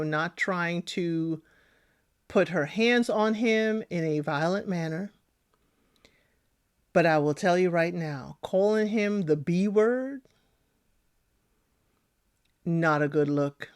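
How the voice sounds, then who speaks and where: Woman host, casual TV recap, lively delivery, acts out quotes in her monologue. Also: mid-range voice. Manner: expressive, acts out other people's lines. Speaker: podcast host.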